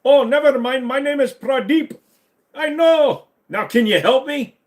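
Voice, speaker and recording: A man imitating a male IT help-desk worker with an exaggerated Indian accent, in a high, chirpy voice. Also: unhurried.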